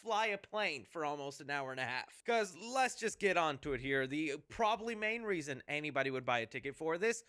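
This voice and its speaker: A man's voice: fairly high pitch, lively intonation, brisk, few pauses, pushed and bright, clear, resonant tone. A man giving a sarcastic, joking movie review commentary.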